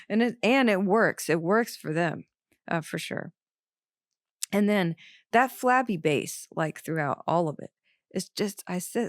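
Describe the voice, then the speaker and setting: A woman's voice: on the low side, dry recording, studio quality. A woman hosting a show, giving casual, enthusiastic commentary on an album with lots of fillers. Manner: enthusiastic, chatty, many fillers. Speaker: podcast host.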